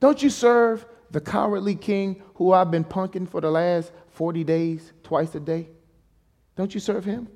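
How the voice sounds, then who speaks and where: A man's voice: high voice, unhurried, darkish tone, big-room sound. A man voicing a taunting male devil who needles a believer with mocking, accusing questions during a sermon.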